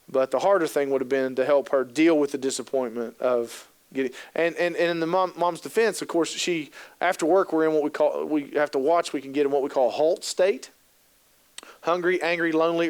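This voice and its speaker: A man's voice: a little high, clean tone. A man giving a humorous talk on working with youth, telling stories and acting out scenes. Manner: animated, joking, acts out scenes. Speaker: keynote speaker on youth work. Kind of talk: humorous storytelling presentation.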